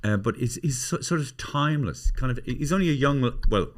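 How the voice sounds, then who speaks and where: A man's voice: mid-range voice, animated, fairly quick. An Irish man hosting a podcast in casual family chat, rambling and swearing freely, stumbling over his words. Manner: rambling, sweary, restarts often. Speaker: podcast host.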